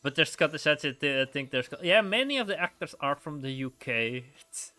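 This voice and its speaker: Bright-voiced man rambling over gameplay. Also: a little high, lively intonation, moderate pace. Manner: rambling, chuckles often, many restarts. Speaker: gamer playing a story game. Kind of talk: casual let's-play commentary.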